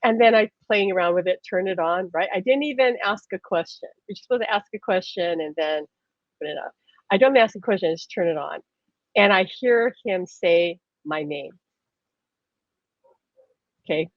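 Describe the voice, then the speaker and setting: A woman hosting a live stream, telling stories in a lively, casual way and laughing often. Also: lowish voice, moderate pace, no echo. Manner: animated storyteller, laughs often. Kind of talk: casual chat. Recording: dull lo-fi stream audio.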